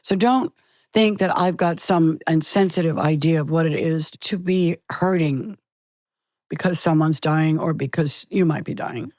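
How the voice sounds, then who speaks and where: Older woman, actress guest, animated storytelling, lowish voice, dry close sound. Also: unhurried, no room sound. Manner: animated storytelling, acts out quotes. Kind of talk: conversational interview.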